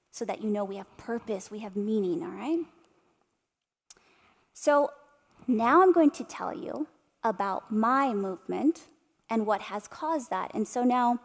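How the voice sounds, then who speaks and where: Woman, 30s, motivational speaker, passionate, asks the room questions, slightly high voice, long hall echo. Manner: passionate, addresses audience directly with rhetorical questions. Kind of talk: inspirational keynote speech. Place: room with a live audience.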